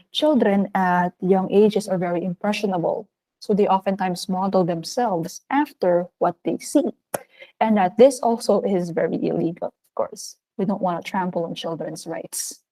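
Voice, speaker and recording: A woman with a Filipino accent, teaching a recorded video lesson. She speaks in an upbeat, animated way, with sudden lifts in pitch. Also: low-quality recording. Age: adult of working age.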